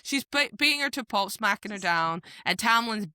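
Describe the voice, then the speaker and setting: A woman's voice: medium pitch, animated, moderate pace, pushed and bright, smooth, dry recording, studio quality. A woman, co-hosting a casual book chat podcast, retelling scenes animatedly with voiced quotes. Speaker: podcast co-host.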